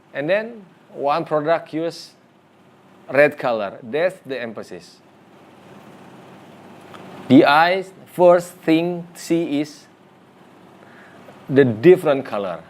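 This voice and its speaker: A man teaching graphic design in a lesson, speaking non-native English with an Indonesian first language, pausing often with fillers and restarts. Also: a little high.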